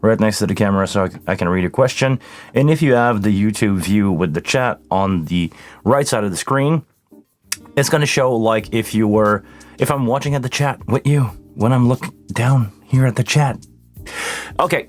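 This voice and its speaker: A man's voice: lowish voice, moderate pace, faint music behind. A man from hosting a casual live Q&A about sound gear, greeting viewers by name and jumping between thoughts. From Canada. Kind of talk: casual live-stream chat. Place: home studio with mixing console.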